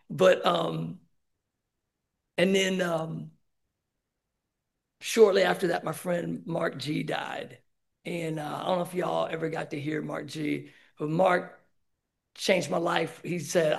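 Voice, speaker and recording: A man speaking candidly at a recovery meeting, sharing his personal story with many halting fillers. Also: a little high, flat delivery, vocal fry. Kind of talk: personal testimony.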